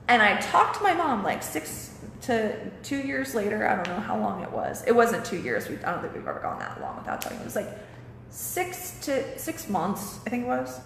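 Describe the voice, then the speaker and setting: A woman's voice: medium pitch, huge pitch swings, moderate pace, vocal fry, a bit bright, reverberant, long reverb tail, a little hiss or hum. A young woman vlogging a candid personal story, swearing often and losing her train of thought now and then.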